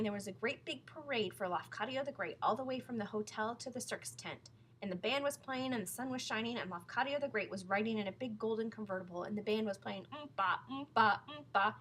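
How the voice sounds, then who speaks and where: Female storyteller, playful read-aloud, bright tone. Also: a little high, a little fast, slight background noise, poor audio. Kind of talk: reading a children's book aloud.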